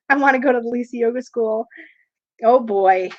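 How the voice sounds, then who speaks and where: A woman's voice: a little high, wildly swooping pitch, a little slow. A woman hosting a casual tarot livestream, chatty, reading viewer comments aloud and laughing often. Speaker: tarot reader and livestream host. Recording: dull lo-fi livestream audio.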